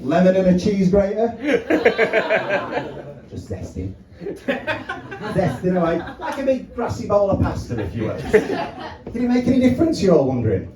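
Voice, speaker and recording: A man's voice: sits high, big pitch swings, unhurried, pauses often. A man works a crowd with a chatty, swearing stand-up set, his voice swinging animatedly up and down. He is caught from far off in an echoey pub room. Laughter from the crowd rolls in behind him. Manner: chatty, swearing, acts out phone calls. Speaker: stand-up comedian. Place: small pub comedy room. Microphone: handheld mic, filmed from far by tripod camera.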